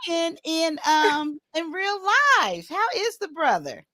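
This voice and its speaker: A woman hosts a casual interview show with a teasing, excitable, nosy manner. Her voice sits high and swings widely in pitch, jumping up on every surprise. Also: takes it slowly, over a noisy crowd. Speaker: talk show host.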